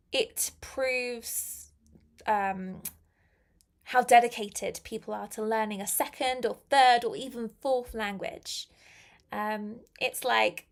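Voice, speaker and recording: A woman's voice: a little high, vocal fry, fairly bright tone. A young British woman from England, chatting casually as she teaches a live English class and reads viewer comments aloud.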